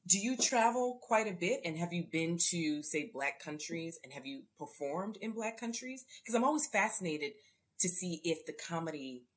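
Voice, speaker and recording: A woman's voice: fairly low pitch, lively intonation, normal speed. A woman hosting a quiz podcast, chatting and reading trivia answers to her guest. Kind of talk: podcast interview.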